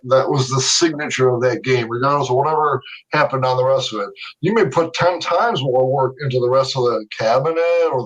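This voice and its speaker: A man's voice: medium pitch, far from the mic, lo-fi sound. A man telling stories as a podcast interview guest. He laughs often and repeats his words as he goes. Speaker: interview guest, video game artist.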